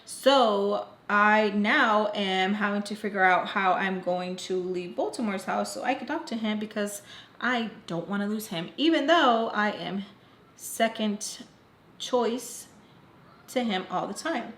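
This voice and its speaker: A young woman retelling a personal story in a casual, animated storytime vlog, acting out the quoted lines. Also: medium pitch, a little slow. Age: young adult. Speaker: storytime vlogger. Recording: roomy echo.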